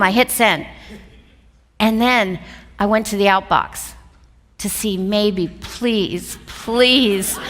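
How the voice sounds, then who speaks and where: Woman speaker, mid-range voice, lively storyteller, hall reverb. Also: medium pitch. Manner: lively storytelling, acts out voices, laughs often. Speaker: speaker telling her career story. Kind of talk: personal story told to an audience.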